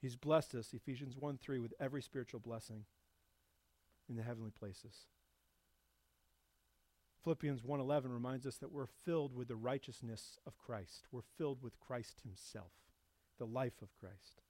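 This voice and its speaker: A male pastor preaching a sermon, rising to loud emphatic passages and dropping back to soft, low reflection. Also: normal speed, long pauses, dry recording.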